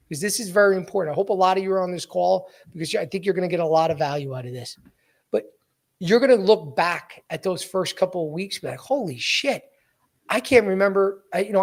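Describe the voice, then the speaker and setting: A man hosting a live podcast as a sales coach, talking energetically and directly to his listeners, often repeating or correcting himself mid-sentence. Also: high-pitched. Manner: energetic, direct, keeps addressing listeners as guys. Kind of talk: live podcast, motivational talk.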